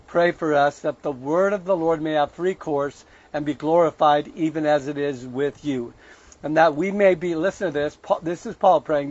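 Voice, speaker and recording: A man leads an online show in a conversational sermon style. He reads scripture aloud and breaks in with pointed, emphatic asides. His voice sits slightly high for a man, and the recording sounds a little muffled and lo-fi. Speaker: online preacher and show host.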